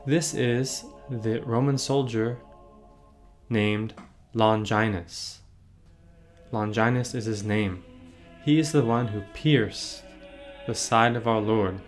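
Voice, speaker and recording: A man, a priest, leading a catechism meditation on a painting, gently asking the listener questions and answering them. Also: fairly low pitch, slow pace, pauses often, faint music behind.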